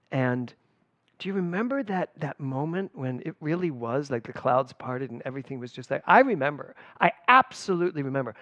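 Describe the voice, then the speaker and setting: A middle-aged spiritual director with a mid-range voice gives a conversational sermon at a church service. He tells personal stories with animated, emphatic swings, and there's no room sound.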